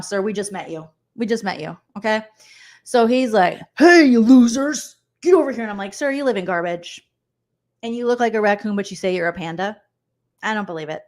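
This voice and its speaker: Sarcastic woman roasting reality TV. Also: medium pitch. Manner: animated, sarcastic, acts out quotes in mocking voices. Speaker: comedian recapping reality TV. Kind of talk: comedic recap vlog.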